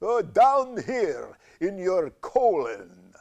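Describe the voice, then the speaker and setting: Guy putting on a whiny talking tumor with a creaky old horror-movie vampire drawl, kinda high, slow and pleading. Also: big pitch swings, heavily acted. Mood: sly. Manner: easily offended, pleading. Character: talking male cancer tumor, whiny and wheedling. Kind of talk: comic monologue skit.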